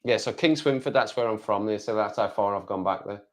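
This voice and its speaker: Fairly quick and lowish in voice, a Black Country-accented livestreamer from the West Midlands, England, chats casually and rambles on as he answers viewer comments.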